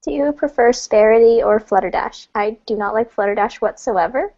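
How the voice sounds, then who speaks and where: A woman's voice: fairly high pitch, moderate pace, a little mellow. A woman co-hosting a podcast in casual, giggly chat, on dull lo-fi audio. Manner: giggly, chatty. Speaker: podcast co-host.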